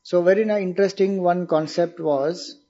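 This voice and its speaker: Speaking at normal speed in a high-pitched, mellow voice with a steady tone, an Indian-accented spiritual teacher delivers a discourse, and the recording lacks high frequencies. His approach is patient and explanatory, with rhetorical questions put to his audience.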